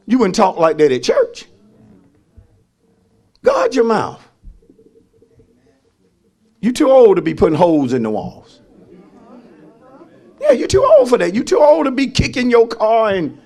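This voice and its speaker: Male pastor, high and lively, preaching call-and-response with shouted peaks. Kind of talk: sermon.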